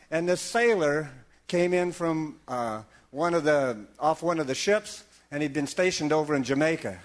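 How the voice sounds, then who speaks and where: An older man on a live stage, telling the story behind his song in a folksy, joking way. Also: fairly high pitch. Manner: folksy, joking, self-deprecating. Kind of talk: casual onstage storytelling.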